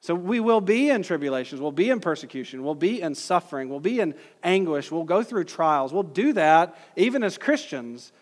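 A man's voice: a little high, big pitch swings, normal speed, few pauses. Earnest male preacher in a reverberant hall. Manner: earnest, acts out quoted dialogue in an illustration. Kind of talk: teaching sermon.

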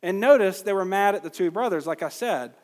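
Earnest preacher in a reverberant hall. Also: male voice, high-pitched, lively intonation, a little fast. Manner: earnest, emphatic preaching with rising peaks. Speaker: pastor. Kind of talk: expository sermon.

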